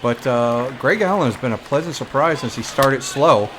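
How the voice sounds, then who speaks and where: A man's voice: mid-range voice, lively intonation, normal speed, crowd noise, noisy background. A man with a New York accent giving casual, wry commentary while playing a baseball video game. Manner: chatty, wry, reacts to the game as it goes. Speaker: gamer playing a baseball franchise. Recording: game music playing behind.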